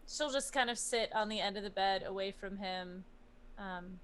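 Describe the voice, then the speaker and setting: Woman player in a tabletop session, bright higher voice, animated, light background hiss. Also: normal speed, rough recording. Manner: animated, squeals and soothing hushes in character. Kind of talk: tabletop role-play, in and out of character.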